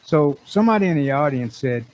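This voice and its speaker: Speaking briskly and expressively, this man has a fairly high, darkish voice and is poorly recorded. He's a singer-songwriter whose casual, rambling story is full of restarts, repetition, and performed versions of his own quotes.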